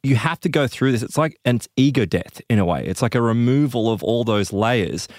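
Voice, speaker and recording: A man casually telling a strange story to a co-host, animated and laughing as he acts out quoted voices. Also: medium pitch, brisk, no room sound, clean studio sound.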